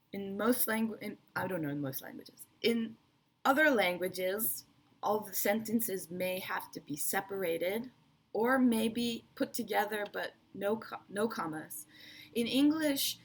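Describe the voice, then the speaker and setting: A woman's voice: mid-range voice, a bit bright, husky. A woman teaching English presentation skills, explaining step by step and checking in with "right?" and "okay". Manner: explanatory, repeats key points with frequent "right?" and "okay". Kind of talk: online lesson explaining to viewers.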